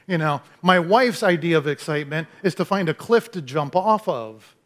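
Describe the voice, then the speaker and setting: A middle-aged man preaching a sermon as a pastor, telling animated, self-deprecating stories before a closing prayer. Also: a little high, moderate pace.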